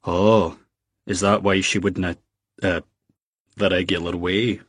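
A man's voice: sits low, little pitch movement, slow, dry recording, clean studio sound. A man doing a blunt, teasing young Scot. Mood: prying. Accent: Scottish.

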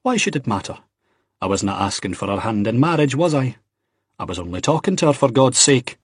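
A man voicing a proud, touchy young man with a Scottish accent, earnest and quick to take offence. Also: medium pitch, sing-song, breathy edge, no room sound, clean studio sound, pitched above the performer's own voice.

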